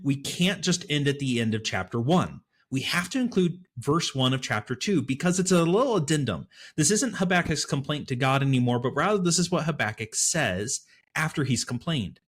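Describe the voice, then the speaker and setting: A man co-hosts a casual Bible study discussion. His voice sits at an ordinary pitch, and he talks thoughtfully and with animation, dropping in frequent fillers. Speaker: podcast co-host.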